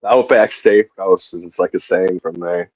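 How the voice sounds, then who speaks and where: A laid-back man from the northern United States, chatting as a podcast guest with a lowish voice and an easy laugh. His sound is dry and a little dull, with no room around it. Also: fairly even intonation, measured pace, darkish tone, no room sound. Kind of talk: casual chat.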